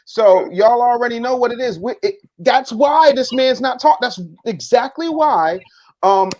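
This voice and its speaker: A man gives a playful sports take and laughs often. His voice is high and swings widely. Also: a little mellow. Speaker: sports panelist. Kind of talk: casual sports debate.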